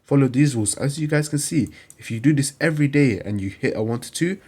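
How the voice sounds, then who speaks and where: A man's voice: medium pitch, lively intonation, fast, a little mellow, husky. A young man hosting a trading channel, talking through a screen-recorded tutorial in a plain, repetitive, instructive way.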